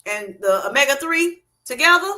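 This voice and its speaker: A folksy woman with a Southern US accent chats on her livestream and reads viewer comments aloud. Her voice sits a touch high and rings bright and forward. She laughs easily and talks straight to her audience. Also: animated, moderate pace. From Southern United States. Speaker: livestream host. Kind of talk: casual livestream chat reading viewer comments.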